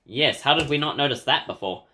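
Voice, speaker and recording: A man playing through a horror game, giving casual, wry commentary and clearing his throat now and then. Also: medium pitch, expressive, fairly quick, bright, forceful tone. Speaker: game player. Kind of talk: let's play commentary.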